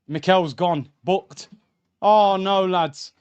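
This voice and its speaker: A young man, voice sitting a bit high, streaming a live football watchalong. He reacts indignantly and talks straight to his viewers, calling them lads and bro. The voice is close and clear on a streaming mic. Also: animated, normal speed, pauses often. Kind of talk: live match watchalong commentary.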